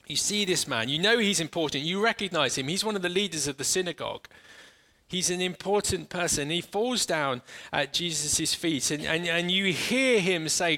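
A man preaching a sermon and leading listeners through a guided imagination exercise, earnest and halting, with frequent restarts, slowing and softening for the imagery. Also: a little high.

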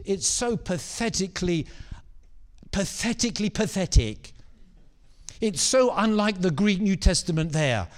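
High-voiced animated male preacher. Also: moderate pace. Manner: animated, repeats phrases for emphasis. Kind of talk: sermon.

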